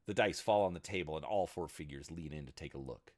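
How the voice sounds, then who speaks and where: A man narrating a fantasy story in an expressive, dramatic reading. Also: extremely low pitch, fast talker.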